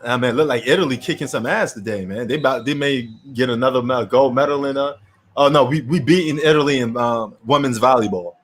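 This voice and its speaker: A man from New York talks sports in a casual chat show. His voice is husky, and his delivery is blunt, opinionated and full of slang. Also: mid-range voice, quick pace, soft background music.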